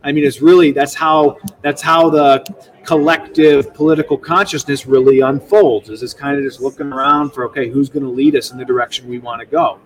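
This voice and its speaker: Young man, casual interview guest, rambling and animated, mid-pitched voice, slightly distant mic. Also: brisk. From United States. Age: young adult. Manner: rambling, animated, with many restarts. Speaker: state legislator guest.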